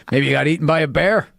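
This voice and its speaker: A man's voice: on the high side, vocal fry, a bit bright. A man hosting a casual podcast chat, swearing freely and laughing through his stories. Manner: profane, storytelling, laughs a lot. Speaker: podcast host.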